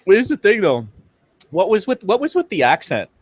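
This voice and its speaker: A man's voice: high-pitched, wildly swooping pitch, brisk, no room sound. A man hosting a tabletop game on a video call, chatting casually, joking and teasing, swearing freely. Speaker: game master and host. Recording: dull lo-fi video call audio.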